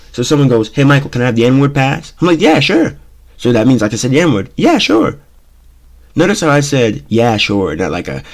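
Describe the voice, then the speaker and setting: A man with a slightly low voice hosts his own casual talk show and speaks his opinions bluntly. He circles back, repeats phrases and checks in with "okay?" and "you know?" as he goes. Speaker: show host.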